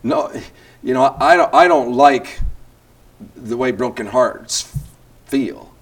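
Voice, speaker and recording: A man's voice: mid-range voice, slow. An older man leading a church group session, talking in a casual, rambling way with restarts and self-deprecating asides.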